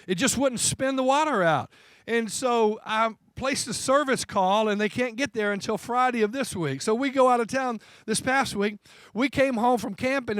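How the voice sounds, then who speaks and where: A man's voice: extremely high pitch, fairly bright tone, no room sound. A man preaching a folksy, emphatic sermon in church, repeating key phrases for stress. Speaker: pastor. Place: church sanctuary.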